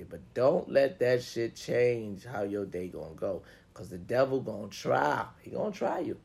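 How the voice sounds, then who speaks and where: A man's voice: mid-range voice, expressive, measured pace, gravelly, few pauses, a little mellow. A man giving a casual, profane pep talk to listeners, swearing freely and acting out grumbling inner voices. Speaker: motivational talker.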